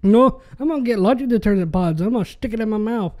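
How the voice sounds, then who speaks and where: A man's voice: sits high, fast, darkish tone. A young man hosting a podcast, ranting in an exasperated way, swearing and tripping over his words. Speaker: podcast host.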